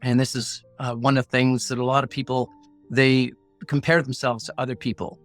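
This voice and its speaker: Over soft background music, a middle-aged negotiation coach guesting on a podcast recounts a personal story in a medium-pitched, level voice at a brisk pace. His way of talking is punchy and motivational, earnest and plain-spoken, and he voices the thoughts in his head aloud.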